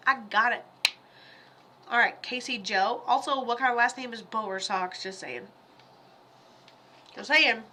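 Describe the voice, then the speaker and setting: A woman giving live psychic readings on a stream, chatty and rambling, with quick asides and quoted voices. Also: high-pitched, bright, forceful tone. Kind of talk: casual livestream readings.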